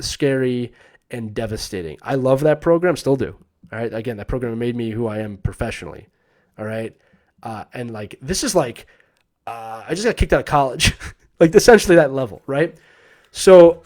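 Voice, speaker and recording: A man's voice: medium pitch, fairly quick. A man in his thirties hosting a live stream, casually telling a personal story and acting out the voices of the people in it. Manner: animated, acts out quoted voices, laughs often.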